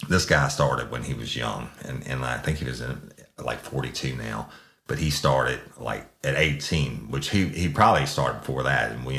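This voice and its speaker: Man, podcast host, very deep voice, casual and profane, echoey room. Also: fairly bright tone. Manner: profane, drawling, rambling with restarts. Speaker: podcast host telling a true crime story. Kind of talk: casual storytelling.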